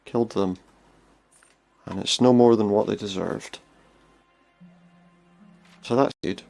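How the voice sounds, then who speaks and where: A man's voice: on the low side, steady tone, takes it slowly, creaky, darkish tone, soft background music. A man casually commenting on a role-playing game he is playing, chatty and thinking aloud as he goes. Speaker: gaming streamer. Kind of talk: casual let's-play commentary.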